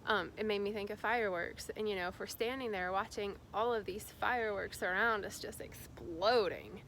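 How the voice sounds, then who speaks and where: A woman's voice: mid-range voice, moderate pace, a bit bright, a little hiss or hum. A woman from Indiana, a spiritual guide, talking casually and rambling with many fillers and restarts. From Indiana, USA. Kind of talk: casual spiritual vlog talk.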